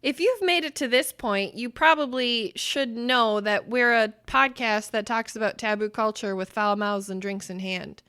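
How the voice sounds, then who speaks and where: A woman co-hosting a podcast, telling stories in an animated way and breaking into loud laughter. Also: a little high, moderate pace, hardly any pauses, clean tone. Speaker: podcast co-host. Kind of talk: casual podcast chat.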